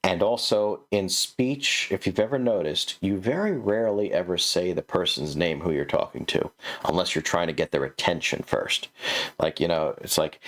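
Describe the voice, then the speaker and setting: A man's voice: deep voice, a bit bright. A man giving a comedic critique of a manuscript, sarcastic, laughing often and stammering through restarts.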